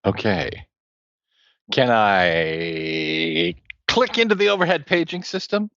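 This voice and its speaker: A man's voice: fairly low pitch, very animated, slow pace, fairly bright tone, no room sound, muffled recording. A man playing a tabletop game, casual and playful. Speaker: player.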